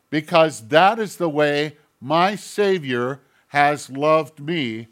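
A man preaching a sermon as pastor, moving between quiet conversational asides and louder emphatic lines. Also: fairly high pitch.

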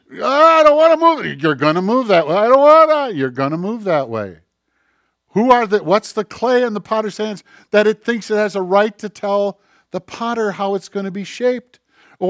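A man preaching a sermon, acting out voices and swinging between loud emphatic lines and hushed asides. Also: fairly high pitch, no room sound, studio quality. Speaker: pastor.

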